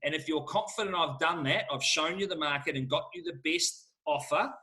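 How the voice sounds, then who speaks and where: A man's voice: a little high, fairly quick, pushed and bright. A middle-aged man, answering questions as an auctioneer in an emphatic, fired-up salesman manner. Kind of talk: lively Q&A answers.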